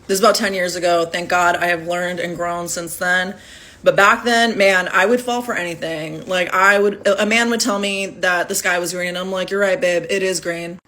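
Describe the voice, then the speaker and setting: Animated woman telling a storytime. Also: fairly low pitch, moderate pace. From California. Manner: candid, animated, acts out quoted lines. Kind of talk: casual storytime to camera.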